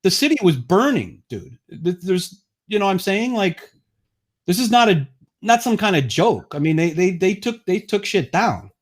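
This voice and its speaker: A man's voice: sits high, very animated, normal speed. A man appearing as a guest on a casual political chat, blunt and profane, rambling through his points.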